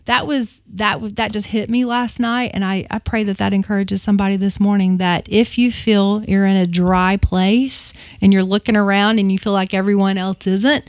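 A woman's voice: mid-range voice, steady tone, moderate pace, few pauses, dry recording. Chatty woman radio host, dry sound. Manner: eager, chatty, full of restarts and "you know". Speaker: radio morning show co-host. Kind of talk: casual radio chat. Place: radio studio.

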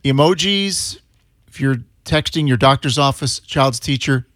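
A man's voice: mid-range voice, a little slow, fairly bright tone, no room sound, clean studio sound. Chatty older male radio co-host. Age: 60s. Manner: chatty, self-deprecating, reads items aloud then comments. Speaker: radio morning show co-host. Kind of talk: casual radio banter, reading a list. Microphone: studio microphone.

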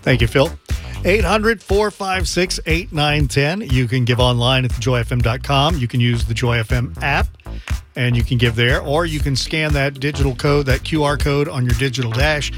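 A man's voice: medium pitch, normal speed, a bit bright, soft background music. A man hosting a radio fundraising drive, reading out donor names and thanking listeners. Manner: reads donor names and messages. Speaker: radio host.

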